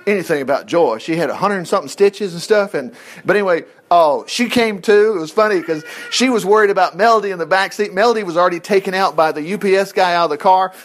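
A middle-aged pastor with a high voice preaches a sermon, telling stories in a folksy, animated style and slipping in chuckled asides.

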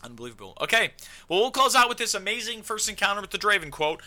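A man's voice: high voice, sing-song, fast talker, bright, forceful tone. A man hosting a casual podcast chat, loose and joking, full of fillers and playful asides. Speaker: podcast host.

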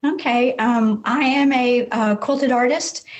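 A woman's voice: fairly high pitch, slow pace. A woman in her sixties being interviewed as a podcast guest over a video call, speaking in a friendly, plainspoken way. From North Carolina, US.

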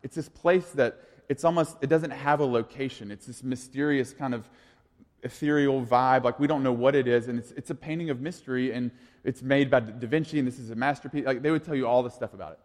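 In an echoey hall, a youth pastor in his thirties preaches a relaxed, chatty sermon, restarting sentences and saying "like" a lot. He has a mid-range male voice and speaks fairly quickly.

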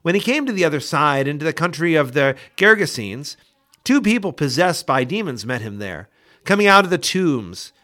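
A man reading Bible passages aloud for a daily scripture podcast, in a measured, expressive way. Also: fairly high pitch. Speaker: scripture reader.

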